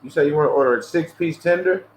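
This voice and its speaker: A man hosts a casual livestream through an earpiece headset, chatting loosely with plenty of profanity and telling stories animatedly. He talks fast in a voice on the high side and mimics callers in a raised voice, with low recording quality.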